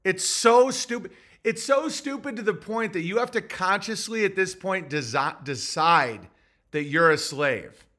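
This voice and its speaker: A man's voice: high-pitched, unhurried, sharp tone. A man hosting a podcast, delivering a rambling, profane, agitated commentary monologue full of restarts. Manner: profane, agitated ranting with restarts and mock voices. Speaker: podcast host.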